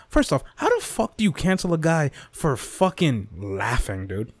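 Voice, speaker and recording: Animated, profane young man ranting. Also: a little high, moderate pace, hardly any pauses, dry recording. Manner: animated, profane, repetitive, swings into mock whispers and impressions. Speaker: podcast host. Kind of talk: casual rant monologue.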